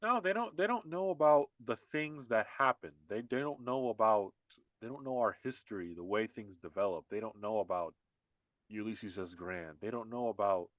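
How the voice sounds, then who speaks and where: A man's voice: fairly low pitch, expressive, normal speed, no room sound, dull audio. A man co-hosting a casual podcast, talking in a heated, emphatic way, repeating himself with many restarts. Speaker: podcast co-host. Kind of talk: casual political podcast chat.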